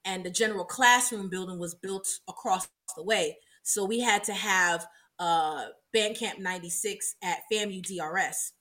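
South florida woman chatting on a podcast, bright voice, laughs a lot, acts out quotes. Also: mid-range voice, moderate pace. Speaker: podcast co-host. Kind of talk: casual reminiscing chat.

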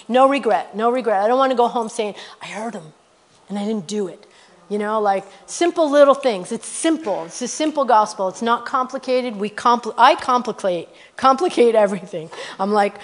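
A woman telling a story in a sermon, animated, repeating her phrases. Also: on the high side. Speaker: speaker sharing testimony. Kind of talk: sermon testimony. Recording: long hall reverb.

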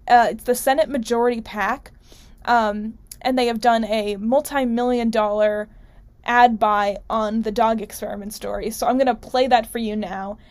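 A woman's voice: fairly high pitch, darkish tone. Chatty young woman hosting a radio show. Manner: chatty, filler-heavy, wry. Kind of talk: casual political commentary.

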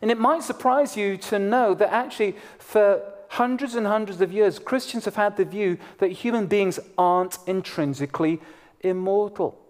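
A man's voice: sits high, moderate pace. A middle-aged man, a pastor, preaching an emphatic sermon to his congregation. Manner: emphatic preaching with rising and falling intensity.

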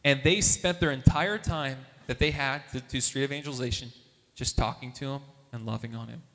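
A man telling a lively faith story as a testimony, acting out the voices of the people in it. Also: brisk. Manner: animated, acts out quoted voices with big pitch jumps. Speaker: speaker at a Catholic gathering. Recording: long hall reverb.

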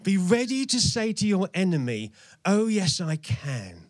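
A man's voice: high voice, very animated, measured pace, a little mellow, dry recording. A man preaching and leading prayer in an earnest, urging manner, his emphasis rising and falling. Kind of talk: sermon with prayer.

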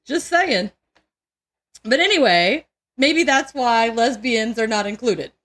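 A woman's voice: fairly high pitch, animated, slow pace, fairly bright tone. A woman co-hosting a podcast in casual chat, crude and joking, laughing often and tripping over words. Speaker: podcast co-host.

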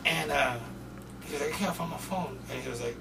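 A young man from Portland, a podcast guest, telling loose, profane stories in casual chat and shouting when he quotes people. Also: fairly high pitch, fairly quick, creaky. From Portland, Oregon. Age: young adult. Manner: loose, profane, animated storyteller who often shouts when quoting people. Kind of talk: casual storytelling. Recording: distant mic with faint noise.

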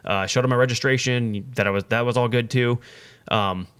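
Fast-talking young man telling a story. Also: medium pitch, smooth. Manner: animated, rambling storytelling. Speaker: podcast co-host telling a story. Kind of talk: casual chat.

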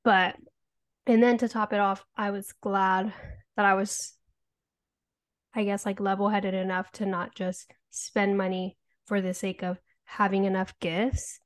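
A woman's voice: mid-range voice, little pitch movement, a little slow. A woman podcast co-host, a mother in her thirties, talking candidly in a rambling, casual way and swearing often. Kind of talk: casual chat.

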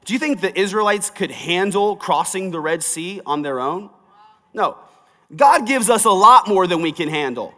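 A man's voice: high-pitched, lively intonation, normal speed, bright, forceful tone. Preaching man in a reverberant hall. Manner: conversational preaching, rising to emphatic. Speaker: pastor. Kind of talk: sermon.

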